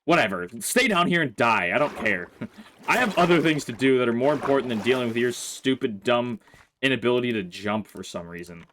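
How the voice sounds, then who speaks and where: A man's voice: mid-range voice, expressive, a little fast, fairly bright tone, a little hiss or hum. A man hosting a casual let's play, commenting on his gameplay and grumbling in exasperation at his in-game horse.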